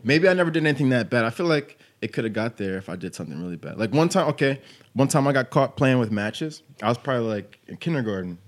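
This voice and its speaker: A man's voice: medium pitch, lively intonation, fast. Podcast host in his twenties, laid-back storyteller, fills every gap with "like" and "you know". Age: 20s. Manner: loose storytelling, full of "like" and "you know what I'm saying". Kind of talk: casual chat.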